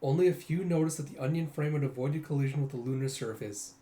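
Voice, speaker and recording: A man casually retelling a comic book story, acting out the characters' lines in bursts of louder, higher voices. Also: fast. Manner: animated, jumps into loud high voices for characters. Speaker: manga reader and commentator. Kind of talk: casual comic read-through with acted-out dialogue.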